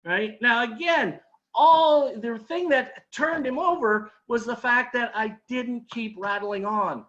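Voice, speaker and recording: A man's voice: extremely high pitch, slow, sharp tone, dull audio. A man leading a sales training talk, telling an anecdote and acting out his customers' lines, with emphatic repeated advice.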